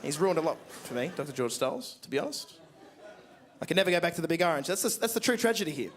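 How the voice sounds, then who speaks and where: A young Australian man in his twenties performing a stand-up comedy set, telling a story with lively acted-out voices and frequent swearing. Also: fairly high pitch, fast talker, a little hiss or hum. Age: 20s. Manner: animated storytelling, acts out voices, swears freely. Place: large theatre stage with an audience.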